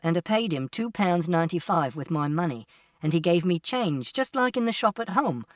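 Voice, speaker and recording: A man narrates an audiobook in the first person, laying out events plainly and literally, one step after another. His pitch rises and falls in a lively way. The recording is dry and picks him up from a slight distance. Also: moderate pace, no room sound. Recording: distant mic, dry sound.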